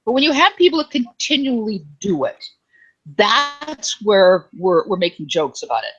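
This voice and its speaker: Woman, chatty co-host, casual panel talk, mid-pitched voice. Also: very animated, a bit bright, dull audio, faint music behind. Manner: chatty, rambling, quick to laugh. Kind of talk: casual group chat.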